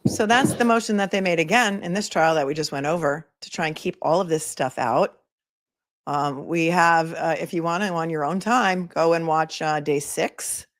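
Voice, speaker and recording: A woman's voice: low-pitched, no room sound, studio quality. A middle-aged woman attorney hosting a casual livestream, chatting and reading viewer comments aloud.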